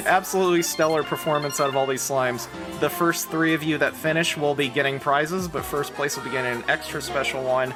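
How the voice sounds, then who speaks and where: A live streamer chatting casually, excitable and prone to giggling while commenting. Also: mid-range voice, moderate pace. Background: music playing.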